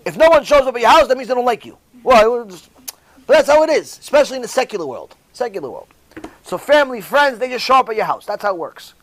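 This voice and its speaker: High-voiced man preaching emphatically. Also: sing-song, fast, a bit bright. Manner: emphatic, repeats key phrases, storytelling. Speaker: rabbi. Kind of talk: informal sermon.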